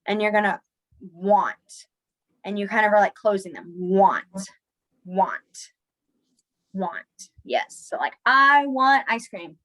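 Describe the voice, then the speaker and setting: The audio is poor as this young woman, medium in pitch, talks slowly with frequent pauses. She's leading a casual sign language class online, chatty and poking fun at herself, turning animated as students try out signs.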